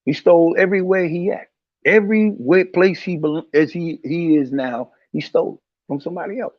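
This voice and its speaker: A man's voice: a little high, fairly quick, dry recording, muffled recording. A man hosting a casual religious commentary talk, speaking in a heated, preachy way and repeating his points.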